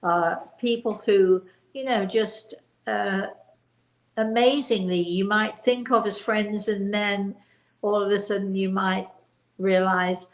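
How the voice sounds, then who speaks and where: Older woman, host, gravelly voice, stresses key words, echoey room. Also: medium pitch, fairly even intonation, slow pace. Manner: emphatic on key words, warm chatty restarts. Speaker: host and spiritual teacher. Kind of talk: live-stream chat and teaching.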